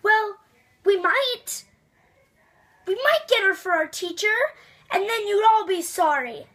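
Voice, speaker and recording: A woman voicing a short schoolgirl, speaking higher and louder than her narration. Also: animated, slow, heavily acted. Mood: defiant.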